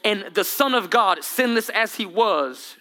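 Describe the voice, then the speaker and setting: Male pastor, bright forceful tone, playful energetic sermon delivery. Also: high voice, unhurried. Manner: lively preaching with humor and dramatic voice drops.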